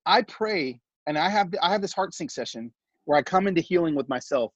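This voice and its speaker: A middle-aged man on a podcast, telling a heartfelt personal story in an animated, casual way full of fillers. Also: fairly high pitch, brisk, no room sound, muffled recording. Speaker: podcast guest.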